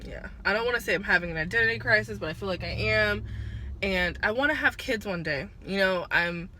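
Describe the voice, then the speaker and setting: Emotional, halting young woman vlogger. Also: medium pitch, sharp tone, a little hiss or hum. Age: 20s. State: holding back tears. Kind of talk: emotional personal vlog. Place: at work, on a break.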